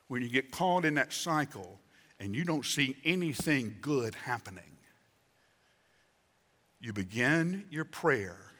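A man's voice: medium pitch, bright, forceful tone. A man in his sixties preaching a conversational sermon as pastor, acting out voices for emphasis. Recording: reverberant hall.

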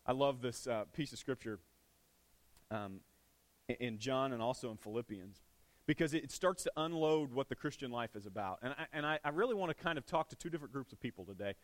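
A man's voice: medium pitch, animated, fairly quick. A man preaching a sermon in a church, earnest and conversational. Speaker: pastor.

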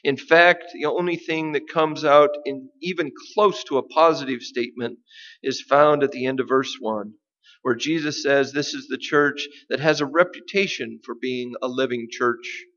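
A man preaching a sermon, deliberate and emphatic, with dramatic pauses. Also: medium pitch, fairly bright tone, lo-fi sound. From United States. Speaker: pastor.

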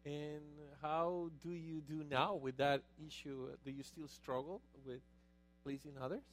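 Male pastor-host with a Spanish accent, fairly high voice, talking with the congregation. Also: fairly even intonation, unhurried. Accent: Spanish-accented English. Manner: hesitant questions, warms to the crowd. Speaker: pastor and host interviewing his wife. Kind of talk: church talk interview.

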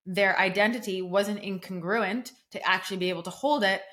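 A woman's voice: mid-range voice, steady tone, brisk, fairly bright tone. A young adult woman hosting her own podcast as a coach, talking casually and emphatically with many "like" fillers. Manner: casual, emphatic, fillers like "like", acts out quoted reactions. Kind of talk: solo podcast talk.

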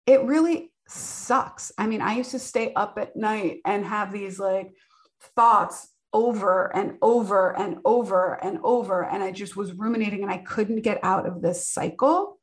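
A woman in her forties, a business owner, giving personal advice in an earnest, conversational way. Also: medium pitch. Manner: earnest, conversational, with many filler "like"s.

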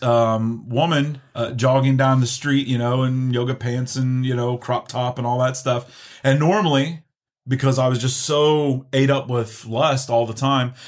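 Middle-aged guy sharing his testimony, earnest, stops and restarts a lot. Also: mid-range voice. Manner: earnest, halting, many restarts. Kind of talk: emotional personal testimony.

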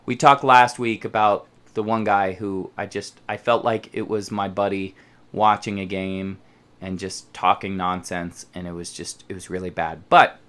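A man ranting on his football podcast, swearing freely and mimicking the stiff voices he dislikes. His pitch climbs and falls in lively swings as he talks. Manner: profane, animated, mocks others' voices. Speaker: podcast host. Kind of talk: ranting casual talk.

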